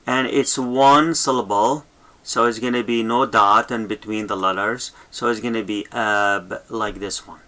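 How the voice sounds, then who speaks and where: A man teaches a lesson in a very slow, patient way. His voice is bright and forward. He repeats each sound several times and fills pauses with "uh" and "okay?". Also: fairly low pitch, fairly even intonation. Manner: repeats each sound slowly, many fillers and okays. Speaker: language teacher.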